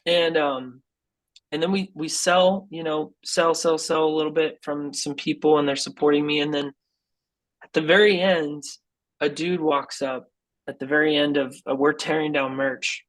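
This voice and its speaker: Male podcast guest, slightly high voice, earnest and casual storyteller, heavy on "dude.". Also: moderate pace, poor audio. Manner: animated and earnest, says "dude" and "like" often; acts out quoted people in his story. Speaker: guest musician.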